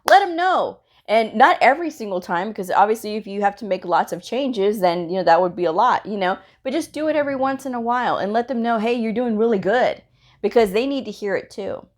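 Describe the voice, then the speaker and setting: Middle-aged woman educator, casual and chatty, laughs often. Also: a little high. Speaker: medical coding educator. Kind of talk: casual instructional talk.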